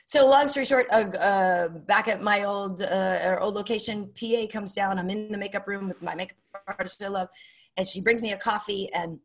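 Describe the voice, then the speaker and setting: A woman's voice: mid-range voice, moderate pace. A middle-aged woman, a sports broadcaster and podcast guest, telling stories casually and acting out quoted dialogue. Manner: animated, acts out quoted dialogue. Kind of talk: casual interview storytelling.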